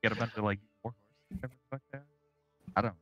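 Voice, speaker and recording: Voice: mid-range voice, steady tone, racing, fairly bright tone, dry recording, dull audio, soft background music. A tabletop game player tossing out sweary, offhand jokes. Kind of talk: casual tabletop game chat.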